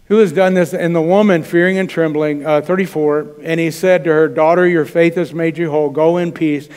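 With a fairly high pitch and a steady, clean, slightly mellow tone, a pastor delivers his sermon a little fast. He speaks in a conversational manner and acts out quoted lines, his voice carrying the reverb of the church sanctuary.

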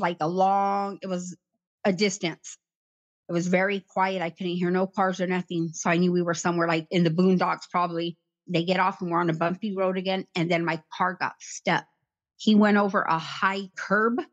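A middle-aged woman recounting a personal ordeal in an interview, talking plainly and haltingly and repeating herself. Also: on the low side. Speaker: interview guest, survivor. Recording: slightly muffled recording.

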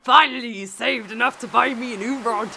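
A woman's voice: on the high side, a little fast, noisy background. A woman voicing a jolly old fisherman in a put-on pirate voice for a game. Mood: gruff jolly. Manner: gruff pirate voice.

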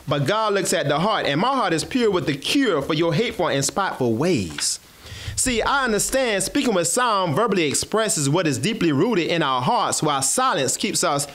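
Animated man, spoken word. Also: high-pitched. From South Carolina. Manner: animated, chatty, addresses audience as y'all. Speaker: host. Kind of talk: casual chat and spoken word poetry.

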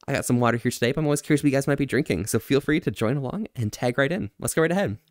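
A man streaming casually, reading viewer chat aloud, laughing often and switching into halting French. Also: mid-range voice, animated, no echo, studio quality. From Canada.

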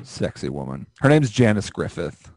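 A man's voice: sits low, very animated, moderate pace, darkish tone, no room sound. A young man hosting a casual podcast over an online call, rambling and joking crudely. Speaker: podcast host.

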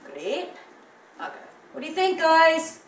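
A woman's voice: extremely high pitch, sing-song, unhurried, echoey room, slight background noise. A Canadian woman chatting casually to camera at home, rambling and calling her viewers guys. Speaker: crochet vlogger. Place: at home in a warm room.

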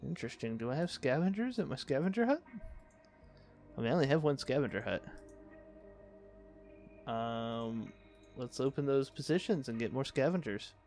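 A man's voice: medium pitch, lively intonation, moderate pace, long pauses, a little mellow, faint music behind. A young man giving casual, wry running commentary on a city-building game he is playing, with dry sarcastic asides. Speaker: let's play host.

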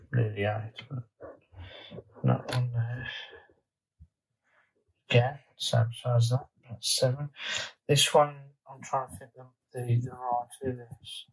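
A man's voice: mid-range voice, poor audio. A man vlogging from his garden, chatting casually and thinking aloud with fillers and restarts. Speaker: allotment vlogger. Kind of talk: casual chat to camera.

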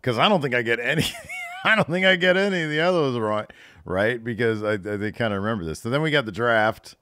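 A man's voice: mid-range voice, lively intonation, fast talker, sharp tone, no echo, clean studio sound. A middle-aged man hosting a wrestling podcast, reacting in casual commentary with sarcastic, self-mocking outbursts.

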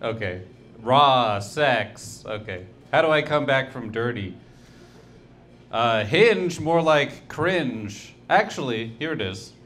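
Slow, rambling male stand-up comic. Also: medium pitch, lively intonation, a bit bright. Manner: rambling, halting delivery with restarts and self-corrections. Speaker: stand-up comedian. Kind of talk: stand-up comedy set.

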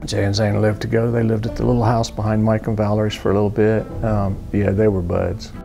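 Gravelly, flat-voiced man speaking fondly. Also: lowish voice, fast talker. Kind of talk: documentary interview. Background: soft guitar music.

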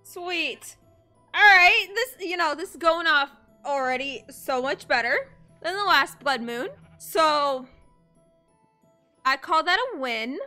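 Young woman, gaming commentary, high lively voice, bright tone, swears, shrieks, faint music behind. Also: takes it slowly. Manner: chatty, swearing, bursts into shrieks and laughter. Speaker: gaming host. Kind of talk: casual gameplay commentary.

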